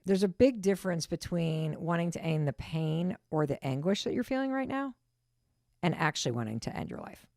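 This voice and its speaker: Low gravelly middle-aged woman host. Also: lively intonation, a little fast, a little mellow, dry recording, studio quality. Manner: earnest, reassuring, emphatic. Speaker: podcast host. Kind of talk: casual podcast conversation.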